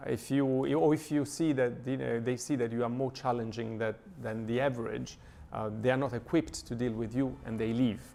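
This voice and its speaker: Halting man lecturing, gravelly voice. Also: medium pitch, fairly even intonation, dark tone. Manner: thoughtful, many hesitations and fillers. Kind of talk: lecture reading and analyzing a poem. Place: church lecture.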